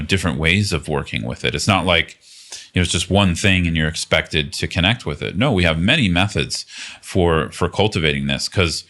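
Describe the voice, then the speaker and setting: A man with a very low voice talks through meditation practice as a teacher. He speaks in an easy, reflective way and often pauses with little fillers and restarts. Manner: relaxed, thoughtful, many fillers and restarts. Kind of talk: casual teaching talk.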